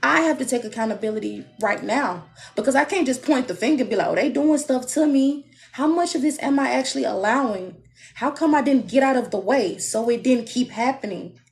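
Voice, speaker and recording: Blunt, animated woman reading for viewers. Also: on the high side, a little fast, gravelly. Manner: blunt, animated advice with playful asides. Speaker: tarot reader. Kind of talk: live-streamed love reading. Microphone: phone.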